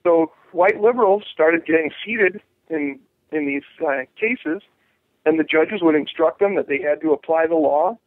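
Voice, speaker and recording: A man with a slightly high voice speaks on a tinny, dry phone line. He is an activist being interviewed. He talks in a lively way, restarts phrases and acts out what other people say. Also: normal speed, no room sound. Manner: animated, acts out quoted voices, many restarts. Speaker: jury rights activist, guest.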